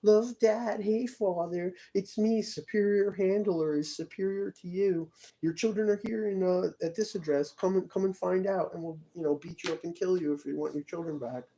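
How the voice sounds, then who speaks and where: A sneering, singsong taunter with a high, needling pitch, as a man puts him on. The voice is snide and mocking, with a soft, mellow tone underneath. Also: fairly even intonation, moderate pace, few pauses, rough recording.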